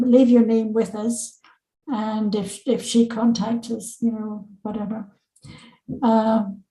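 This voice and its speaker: Woman in her seventies from Scotland, higher voice, mellow tone, animated storyteller, echoey room. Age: 70s. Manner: animated, acts out family members' lines in raised voices. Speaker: podcast guest. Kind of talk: personal storytelling in an interview.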